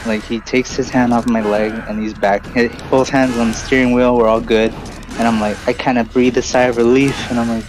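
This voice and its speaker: A man's voice: medium pitch, level tone, a little fast, noisy background. A man in his late twenties or thirties, a streamer host telling a long story in a loose, rambling way full of fillers. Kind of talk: casual storytelling during a game stream. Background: game music.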